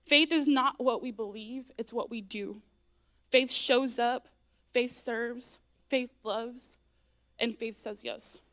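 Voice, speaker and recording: Speaking slowly in a somewhat high, fairly even voice with a slightly bright quality, this mother of young children stands in a church sanctuary. Her heartfelt testimony to the congregation occasionally brings her near tears.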